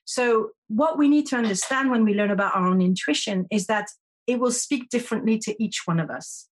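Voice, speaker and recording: Husky-voiced woman explaining intuition. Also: a little high, brisk. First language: French. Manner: earnest, explanatory, frequent restarts. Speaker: podcast guest, intuition teacher. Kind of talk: conversational interview.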